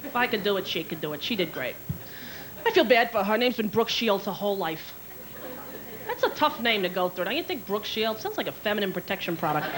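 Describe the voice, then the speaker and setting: A woman's voice: mid-range voice, very animated, a little fast, low-quality recording. A woman in her thirties doing a stand-up set on a theater stage, brash and swearing, acting out voices. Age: 30s. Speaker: stand-up comedian. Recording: live stage show with loud crowd and noise. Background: audience laughing.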